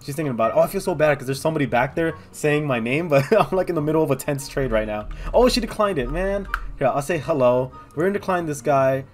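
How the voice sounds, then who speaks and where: A young man rattles through his gameplay in quick, excitable commentary. He thinks out loud and keeps turning to his viewers. His voice sits a little high, with soft guitar music underneath. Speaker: gaming video host.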